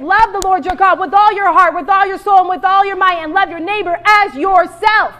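A woman pastor preaching a sermon with animated asides and calls to the congregation. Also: very high voice.

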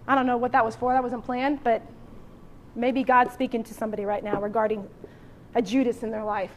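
A woman pastor preaching a sermon with animated asides and calls to the congregation. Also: on the high side, fairly quick, slight background noise.

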